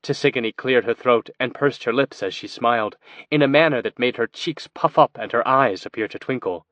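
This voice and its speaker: A man narrating a fantasy audiobook in a steady storytelling manner. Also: medium pitch, brisk, dry recording. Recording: dry, dull lo-fi recording.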